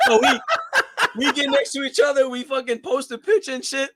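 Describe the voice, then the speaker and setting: A man's voice: extremely high pitch, very animated, fairly quick, creaky, background noise. A man in his thirties co-hosting a podcast, telling stories in casual chat, cursing freely and laughing often. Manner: profane, storytelling, laughs often. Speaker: podcast co-host.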